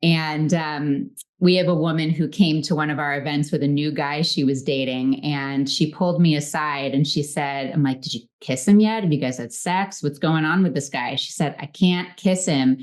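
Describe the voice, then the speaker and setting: A woman relationship coach on a podcast, telling client stories in a relaxed, anecdotal way. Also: low-pitched, normal speed, few pauses. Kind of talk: casual podcast chat.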